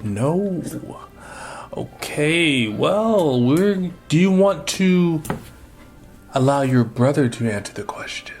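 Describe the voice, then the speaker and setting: A woman hosting a homemade quiz game, her low voice swinging up and down with theatrical, teasing energy. She takes her time over each question, and music plays clearly behind her. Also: expressive, slow pace, darkish tone. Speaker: quiz host. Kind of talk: playful family quiz game.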